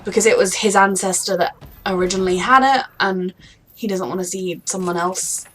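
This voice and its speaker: A woman's voice: medium pitch, steady tone, a little fast, fairly bright tone, slight background noise. A woman hosting a reaction video, gushing and emotional, often exclaiming at the screen. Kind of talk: casual reaction commentary.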